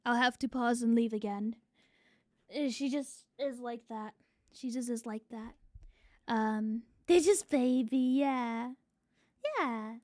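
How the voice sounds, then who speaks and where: A woman's voice: on the high side, slow pace, a little mellow, dry recording, clean studio sound. A young adult woman streamer chatting casually to her viewers, swearing freely. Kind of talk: casual live-stream chat.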